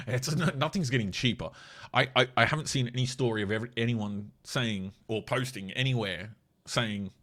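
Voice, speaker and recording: A man's voice: medium pitch, expressive, a little fast, fairly bright tone. An Australian man with a cold giving blunt, sweary, mocking commentary in a casual political rant. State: has a cold.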